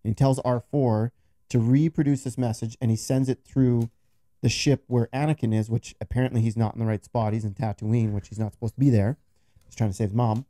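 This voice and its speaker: A man's voice: medium pitch, fairly even intonation, brisk, warm tone, no echo, clean studio sound. A man chatting casually with a friend while building something, joking and poking fun at his own work. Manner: joking, self-mocking banter. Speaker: co-host. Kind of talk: casual chat while doing a craft project.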